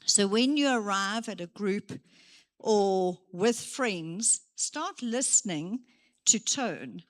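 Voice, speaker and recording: A woman gives a motivational career talk to young people, moving about and acting out her examples. She speaks at a measured, unhurried pace. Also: medium pitch. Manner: lively, acts out examples, moves around while speaking. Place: church hall.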